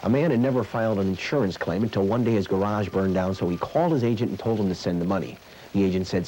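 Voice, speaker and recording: A man hosting a mock news segment, telling old jokes with a dry, measured delivery. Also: deep voice, dark tone, a little hiss or hum, low-quality recording. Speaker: comedian host.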